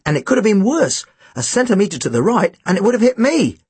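A man voicing a jokey, squeamish teenage boy in a storybook, making wry deadpan jokes. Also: sits high, brisk, husky, dry recording, voice pushed up, exaggerated voice.

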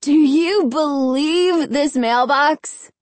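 A boastful, loud young boy who likes to sneer, voiced by a woman reading a story. The pitch is lifted above her narrating voice, and the delivery is dry and close. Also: very slow, dry recording. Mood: brash.

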